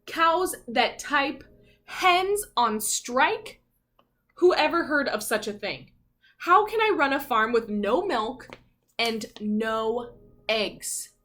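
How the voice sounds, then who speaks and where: A woman's voice: a little high, very animated, slow pace, fairly bright tone, pitched above the performer's own voice, full character voice. A woman reading aloud as an exasperated grown male farmer, with indignant, exclamatory lines in a storybook.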